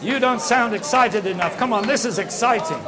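A man's voice: high-pitched, normal speed, crowd noise. A man preaching a sermon, urging the congregation to speak out, his voice strained.

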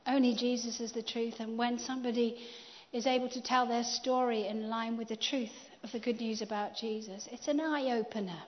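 A woman interviewing a guest at a church gathering, lively and often laughing. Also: on the high side, brisk, few pauses, long reverb tail, highs cut off.

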